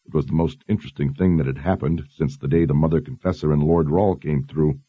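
A man narrating a fantasy novel in a measured, even storytelling manner. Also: rumbling low, slightly rough, no room sound, muffled recording. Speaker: audiobook narrator.

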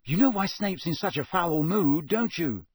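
A man reading aloud, voicing an excitable teenage schoolboy who blurts things out eagerly. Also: fairly high pitch, moderate pace, breathy edge, no room sound, clean studio sound, voice pushed up.

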